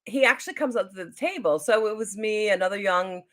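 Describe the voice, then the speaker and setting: A woman's voice: medium pitch, a little fast. A middle-aged woman telling a long story on her live stream, rambling and chatty, with lots of fillers and restarts. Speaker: YouTuber hosting a live stream.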